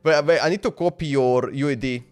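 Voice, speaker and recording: A man's voice: medium pitch, a little fast, darkish tone. A male streamer chatting casually on a live stream, talkative and laughing, in broken English.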